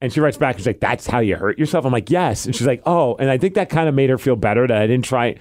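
Fast-talking man telling a story. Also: mid-range voice, no room sound, clean studio sound. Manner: animated, acts out quotes in funny voices. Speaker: podcast host, part-time wrestler. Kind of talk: casual storytelling chat.

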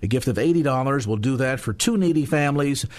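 A brisk male radio host making a charity appeal on air. He talks quickly and warmly urges listeners to call, slowing down to read numbers out clearly. His pitch sits in an ordinary middle range. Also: expressive. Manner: fast-talking, repeats phone numbers slowly.

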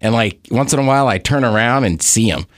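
A man's voice: medium pitch, quick pace, no room sound, clean studio sound. A man co-hosting a podcast, telling anecdotes in casual chat and asking "right?" often. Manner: chatty, tells anecdotes, says "right?" a lot. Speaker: podcast co-host.

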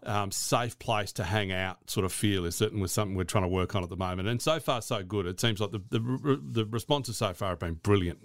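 A man's voice: on the low side, brisk, hardly any pauses, no room sound. A man hosting a casual radio interview in a studio, friendly and easygoing. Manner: friendly, easygoing, some restarts. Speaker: radio host. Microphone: studio mic.

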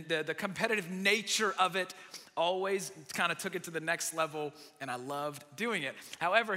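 Animated young preacher in a big reverberant hall. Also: male voice, sits high. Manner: animated storytelling, self-mocking humor. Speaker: pastor. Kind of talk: sermon.

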